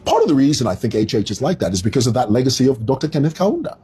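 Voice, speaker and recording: A Zambian man in his fifties with a Zambian accent, giving casual commentary in an animated, digressive storytelling manner. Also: medium pitch, very fast, husky.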